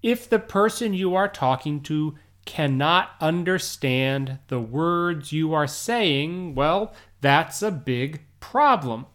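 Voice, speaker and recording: An English teacher with an American accent talks through a podcast lesson for learners. The delivery is slow and unhurried, each point laid out step by step, with frequent small check-ins aimed at the listener. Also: medium pitch, lively intonation, a bit bright. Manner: slow, deliberate explaining, often checks in with "right?".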